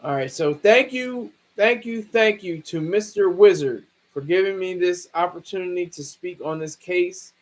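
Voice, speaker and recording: Guy with a high voice riffing on his stream, lots of stops and restarts. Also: poor audio. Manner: rambling, halting, many restarts. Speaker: livestream host. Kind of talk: casual livestream commentary.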